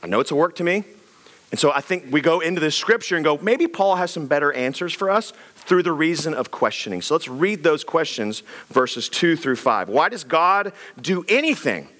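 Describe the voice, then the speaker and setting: A middle-aged pastor preaches in a loose, conversational way and fires off one rhetorical question after another. His voice sits fairly high for a man and swings up and down in lively arcs. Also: moderate pace. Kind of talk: sermon.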